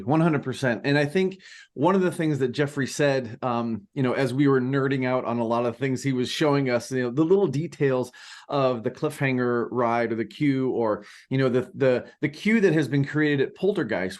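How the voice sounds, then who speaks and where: Chatty podcast co-host, lots of ums. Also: male voice, mid-range voice. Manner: rambling with many fillers and restarts. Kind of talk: casual podcast chat.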